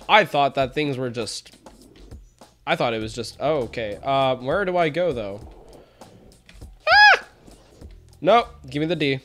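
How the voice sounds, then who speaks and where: Goofy woman narrating her gameplay. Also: on the low side. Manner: goofy, self-mocking, reacts loudly. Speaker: gaming video creator. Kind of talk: casual let's-play commentary. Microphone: headphones.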